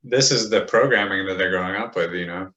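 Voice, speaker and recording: Deep-voiced man, emphatic and indignant. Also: fairly quick, bright, forceful tone. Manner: emphatic, indignant, swears casually. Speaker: podcast guest. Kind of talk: casual conversation. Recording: slightly muffled lo-fi audio.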